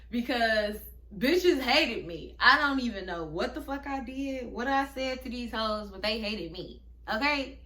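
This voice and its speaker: A woman's voice: mid-range voice, bright, forceful tone. Brash young woman vlogging in an echoey room. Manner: brash, emphatic and profane, talking straight to viewers. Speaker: vlogger telling a personal story. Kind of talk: casual storytime.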